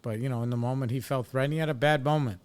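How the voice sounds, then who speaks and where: This podcast host in recovery, a man in his forties, speaks rapid-fire in a smooth, mid-range voice with a steady, somewhat dark tone. The talk is candid and casual: reflective, blunt, and full of swearing as he thinks things through.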